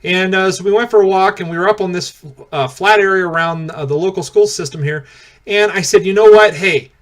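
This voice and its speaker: A man's voice: high-pitched, fairly even intonation, fairly quick, a bit bright. A man in his thirties or forties talking through a personal video diary, earnest and emotional, often stopping and repeating words. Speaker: vlogger.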